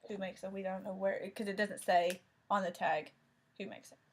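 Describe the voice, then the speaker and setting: Female crafting vlogger, mid-range voice, casual show-and-tell, unhurried and thinking aloud. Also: medium pitch. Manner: relaxed, thinking aloud with small restarts.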